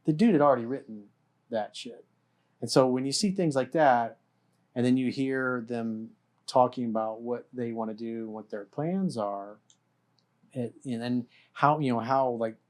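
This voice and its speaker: A man's voice: mid-range voice, normal speed. A man hosting a casual discussion, talking bluntly and emphatically, swearing freely. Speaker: host.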